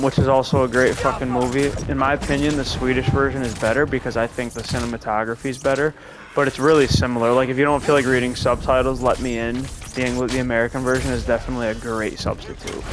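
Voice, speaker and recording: A man's voice: medium pitch, steady tone, quick pace. A young man casually commenting while playing a game, telling rambling, profane stories in a laid-back way. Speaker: gameplay commentator. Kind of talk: casual gameplay commentary with storytelling. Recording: noisy background.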